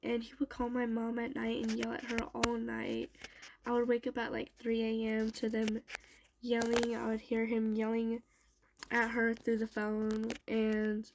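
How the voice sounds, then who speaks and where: A young woman with a slightly raised, gravelly voice tells a personal story in an unhurried, rambling way. She is a bit sick and leans on "like" and "um" between thoughts. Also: fairly high pitch, monotone, background noise. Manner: rambling, full of "like" and "um" fillers. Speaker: storytime vlogger. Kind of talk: casual storytelling.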